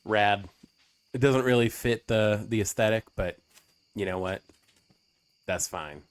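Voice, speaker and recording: A man casually commenting as he streams a farming game, chatty with lots of fillers, often dropping into soft baby talk to his dog. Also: lowish voice, measured pace, clear, resonant tone.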